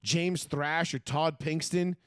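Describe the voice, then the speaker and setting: A man's voice: a little high, slow, clean tone, no echo. A man co-hosting a sports talk show, ranting with plenty of swearing in casual chat. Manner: profane, ranting, animated. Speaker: podcast co-host.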